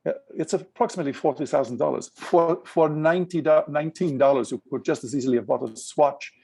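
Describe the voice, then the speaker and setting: A storyteller putting on a poised, formal Swiss art director with a raised, mellow voice. He lectures in a precise, measured way, as if giving a lesson. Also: fairly high pitch.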